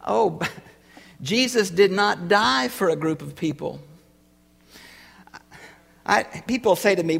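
A man preaching a sermon, emphatic and building to loud rhetorical questions. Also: sits high, lively intonation, slow pace, creaky, pauses often, in a large hall.

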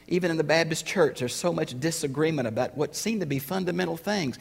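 A man preaching a sermon, emphatic and building to loud rhetorical questions. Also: a little high, lively intonation, a little fast, creaky, breathy edge, big-room sound.

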